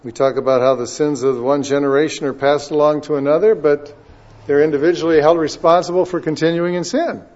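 A man preaching a sermon, moving from quiet, conversational asides to loud, emphatic readings of scripture. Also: a little high, fairly even intonation, fairly quick. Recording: dull lo-fi sound.

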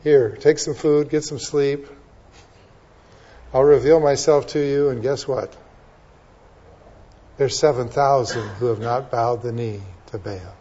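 A calm, patient God speaks softly and reassuringly, low and hushed, as a male preacher puts the voice on. The recording is dull and lo-fi. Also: unhurried, pauses often, slightly rough. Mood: gentle. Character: calm, patient God gently correcting a prophet. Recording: dull lo-fi sound.

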